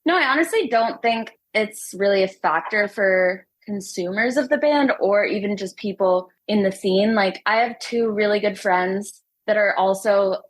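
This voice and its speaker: A woman's voice: mid-range voice, moderate pace, hardly any pauses, low-quality recording. Chatty young woman, a bit breathless. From United States. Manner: chatty, upbeat, laughs often. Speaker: singer and guest. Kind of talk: casual interview chat.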